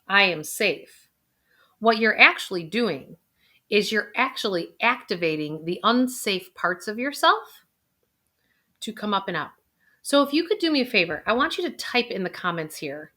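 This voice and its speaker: Bright-voiced woman coaching viewers through feelings. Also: medium pitch. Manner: energetic, coaxing, slows into soft affirmations. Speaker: financial planner and video host. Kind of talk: guided emotional exercise vlog.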